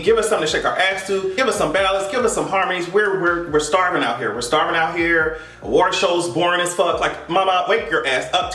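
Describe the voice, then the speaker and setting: A man giving sassy, animated pop culture commentary, swearing freely and laughing often. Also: sits high. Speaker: vlogger. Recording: echoey room, mic at a distance.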